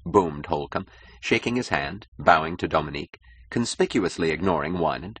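A man reading a novel aloud as an audiobook narrator, in an expressive, measured way. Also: sits low, slightly rough, dry recording.

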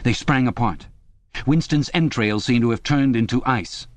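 A man reading an audiobook in a measured, dramatic scripted narration, close to the mic. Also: medium pitch, no echo.

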